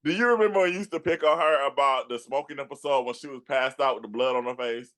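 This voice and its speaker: The host of an interview show drifts through memories in a relaxed, meandering way, with plenty of fillers and false starts. He speaks fast in a mid-range voice that's a bit bright.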